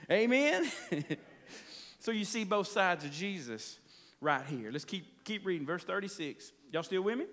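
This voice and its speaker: A man's voice: high voice, very animated, a little slow, pauses often, fairly bright tone. A man preaching a folksy, conversational sermon, often checking in with his congregation. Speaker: pastor.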